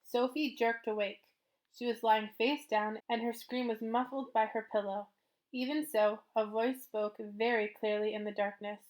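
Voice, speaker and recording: A woman reads a children's novel aloud, narrating steadily and at an even pace. Her voice sits a little high for a woman. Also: moderate pace. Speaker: storybook reader.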